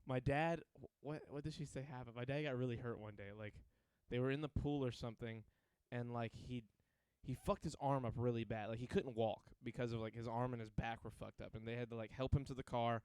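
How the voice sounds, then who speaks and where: Smooth, dry-voiced young man telling stories. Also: medium pitch, steady tone, brisk, a little mellow, dry recording. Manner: rambling, profane storytelling with frequent laughs. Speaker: podcast host. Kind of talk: casual chat.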